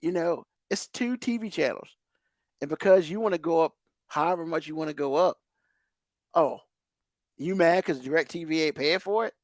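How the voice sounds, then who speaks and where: A man's voice: fairly high pitch, moderate pace, long pauses, dry recording, studio quality. A man hosting a podcast, ranting in heated, profane exasperation. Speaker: podcast host.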